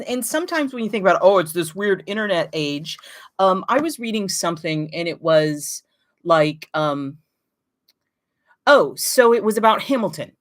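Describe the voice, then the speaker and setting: A woman hosting a knitting live stream, chatting casually and greeting viewers by name and place. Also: mid-range voice.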